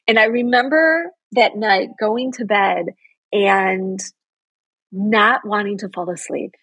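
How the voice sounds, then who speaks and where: A woman's voice: mid-range voice, slow pace, fairly bright tone, breathy edge, dry recording, poor audio. A middle-aged woman, a TV news anchor, earnestly telling a heartfelt personal story in an interview.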